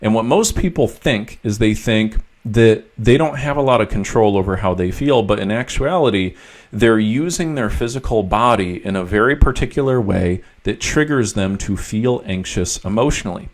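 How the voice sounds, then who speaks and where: A man with a fairly low voice explains an anxiety-coaching method. He lays it out step by step in a teaching monologue, plainly and methodically. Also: lively intonation, normal speed. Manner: explanatory, walking through steps. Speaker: mental health coach. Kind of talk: instructional monologue.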